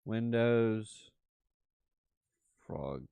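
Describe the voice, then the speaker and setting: A man hosting a casual trading livestream, his voice sitting on the low side. He rambles and chats with his audience, laughing easily. The sound is dry and close, with no room echo. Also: expressive, extremely slow, vocal fry, clean tone, narrow, tinny audio. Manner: rambling, chatty, often laughing, talks to viewers.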